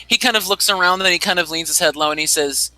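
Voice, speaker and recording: A man narrating as game master, animated and chuckling, with a lot of "kind of" as he sets scenes. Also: sits high, fast, slight background noise, poor audio.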